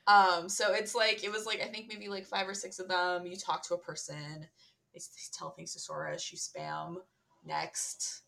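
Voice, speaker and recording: A woman with a lower voice and a bright, forceful tone chats on a relaxed podcast. She rambles through her points and fills her sentences with "like" and "um". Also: moderate pace, vocal fry. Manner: rambling, heavy use of "like" and "um". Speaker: podcast co-host. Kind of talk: casual podcast chat about a video game.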